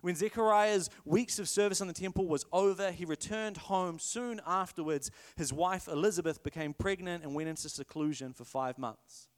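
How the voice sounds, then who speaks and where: Male pastor, high voice, chatty and playful sermon delivery, long hall reverb. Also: normal speed, hardly any pauses, clear, resonant tone. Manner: conversational, playful, self-correcting.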